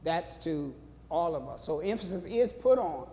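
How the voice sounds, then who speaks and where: Leading a church Bible study, a pastor teaches with a preaching rhythm, repeating phrases and posing questions to the room. His high voice has a dark, gravelly edge and lively intonation at normal speed, with a long reverb from the church hall and slight background noise.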